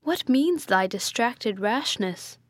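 A woman reading aloud and voicing a stern elderly friar who speaks in a solemn, slow, weighty way. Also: a little high, expressive, dry recording.

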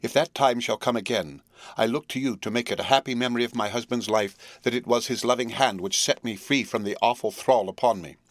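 A man reading the part of a devoted young wife, earnest and resolute, in a measured pleading tone. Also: mid-range voice, no echo, natural voice. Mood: solemn. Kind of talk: audiobook character reading.

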